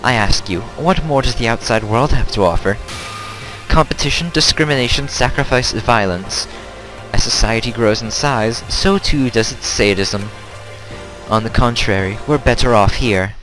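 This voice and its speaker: A man reading the lines of a calm, aloof teenage girl in a measured, formal way. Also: medium pitch, faint music behind, close to an everyday voice, poor audio. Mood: composed.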